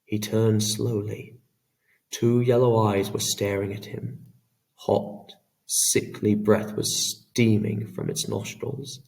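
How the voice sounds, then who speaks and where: Low, gravelly man narrating an audiobook. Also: level tone, darkish tone, recorded from a distance. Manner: measured, dramatic storytelling. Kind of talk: scripted narration.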